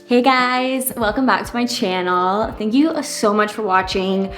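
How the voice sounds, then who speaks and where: A woman's voice: medium pitch, unhurried, a bit bright, soft background music. A woman in her thirties telling a personal story in a casual vlog, chatty and candid, with lots of fillers and side remarks. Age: 30s. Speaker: vlogger.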